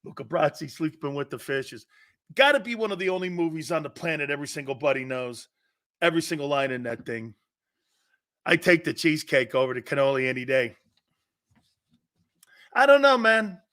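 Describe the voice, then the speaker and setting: A middle-aged man hosting a sports talk show, telling stories in a lively casual way and slipping into quick mob-movie impressions. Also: fairly high pitch. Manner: animated storytelling, quick mob-movie impressions, laughs often. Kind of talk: casual chat.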